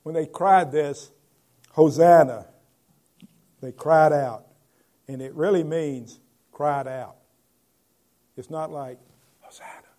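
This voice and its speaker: A man, a pastor, preaching a conversational sermon and moving between loud proclamation and quiet asides. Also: medium pitch.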